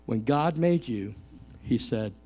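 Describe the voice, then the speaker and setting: A middle-aged male pastor with a mid-range voice delivers a lively sermon slowly, cracking jokes and calling out questions to the congregation.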